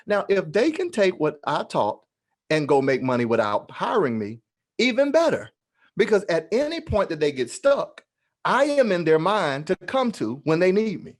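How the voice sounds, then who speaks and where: Speaking at normal speed in a high voice, a male guest at an online meeting delivers a motivational talk. His manner is lively and playful, much like a preacher's sermon.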